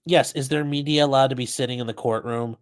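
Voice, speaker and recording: A man's voice: medium pitch, fairly even intonation, fast, clean tone. Blunt, profane male livestream host. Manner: blunt and profane, chatty asides. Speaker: livestream host commenting on a trial. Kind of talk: casual live commentary, reading chat.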